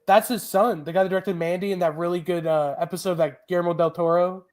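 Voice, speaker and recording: A man's voice: sits high, fairly even intonation, fast, darkish tone. A man co-hosting a casual podcast, rambling enthusiastically about films with lots of fillers and restarts. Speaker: podcast co-host. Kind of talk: casual chat about movies.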